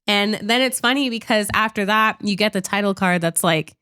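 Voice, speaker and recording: In a casual movie chat, this woman co-host talks in an animated, loose way, sprinkling in "like" and the odd swear word. Her voice sits at medium pitch with a clean tone and moderate pace, captured as clean studio sound without echo.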